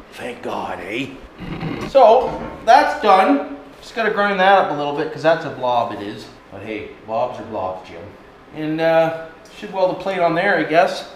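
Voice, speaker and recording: Folksy Canadian man in an echoey garage. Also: on the high side. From Ontario, Canada. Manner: folksy, rambling, swears a lot, keeps calling out to the boys. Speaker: DIY vlogger. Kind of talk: casual running commentary while working. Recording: echoey shop with tool noise.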